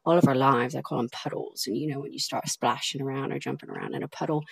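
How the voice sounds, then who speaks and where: Low husky woman rambling on her podcast. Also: fairly even intonation, quick pace, no echo. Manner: rambling, heartfelt, lots of fillers. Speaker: podcast host. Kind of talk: casual podcast monologue.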